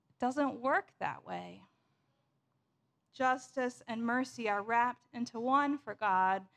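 A woman pastor preaching a sermon in a measured, storytelling way. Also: a little high, gravelly, fairly bright tone.

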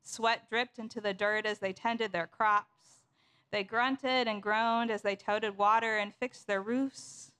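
A woman pastor preaching a sermon in a measured, storytelling way. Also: mid-range voice, fairly even intonation, bright, forceful tone, clean tone.

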